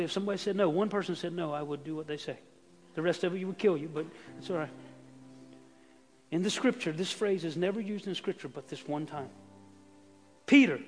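A man preaching a sermon as pastor, swinging from hushed asides to shouted emphasis. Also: high voice, in a large hall. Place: church sanctuary.

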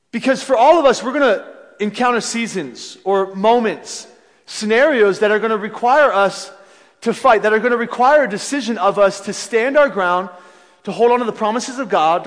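A man preaching a sermon as a pastor, telling stories in an animated way with frequent restarts. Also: high-pitched. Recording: long reverb of a large hall.

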